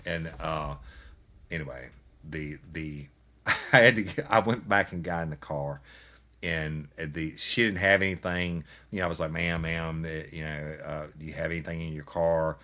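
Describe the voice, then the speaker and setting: A man, a former police officer telling a story in an animated, folksy way, laughing as he goes. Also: a bass voice, normal speed. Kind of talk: casual storytelling chat.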